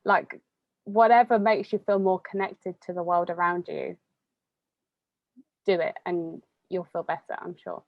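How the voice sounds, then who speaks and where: A woman's voice: lowish voice, steady tone, measured pace, long pauses, no room sound. A young woman talks casually with plenty of fillers and easy laughs. The sound is dry, with no room around it, and slightly dull and muffled. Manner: chatty, laughs often, many fillers. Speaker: interviewee. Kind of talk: casual conversation.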